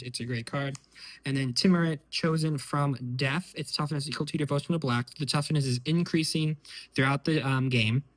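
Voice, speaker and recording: A man walking through his card game deck, thinking aloud in a relaxed way with small fillers and self-corrections. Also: medium pitch, low-quality recording. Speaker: deck tech host. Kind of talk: casual card-by-card explanation.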